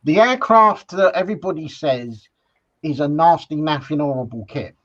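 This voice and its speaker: A man's voice: a little high, expressive, normal speed, fairly bright tone. A man co-hosting a live stream, chatting casually with dry, understated one-liners. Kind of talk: casual chat. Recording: dull lo-fi sound.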